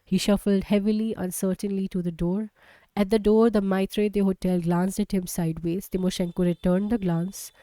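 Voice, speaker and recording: A woman reading a novel aloud on a live stream, measured and steady, with occasional slips and restarts. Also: mid-range voice, no room sound, poor audio. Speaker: audiobook reader.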